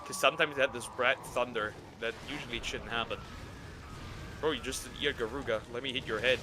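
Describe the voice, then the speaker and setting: A young man streaming a game, chatting casually, cursing and yelling in bursts at the monster he fights. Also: mid-range voice, fairly quick, noisy background. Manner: excitable, swears, yells at the game. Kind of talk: casual gaming commentary.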